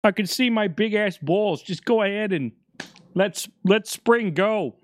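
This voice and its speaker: A man's voice: high-pitched, a little slow, no room sound, studio quality, voice pushed up. A man putting on the voice of a crude, boastful male groundhog who brags gleefully.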